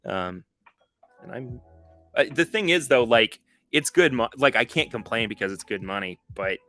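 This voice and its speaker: A man's voice: medium pitch, lively intonation, normal speed, pushed and bright, faint music behind. A man hosting a podcast live stream, chatting casually with his viewers in a rambling way, often correcting himself, and openly tired. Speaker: podcast host.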